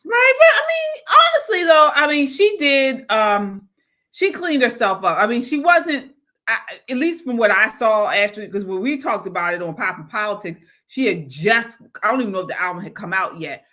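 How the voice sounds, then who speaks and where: A woman's voice: on the high side, sing-song, normal speed, pushed and bright. A woman co-host in a casual panel chat who hesitates often with ums and uhs.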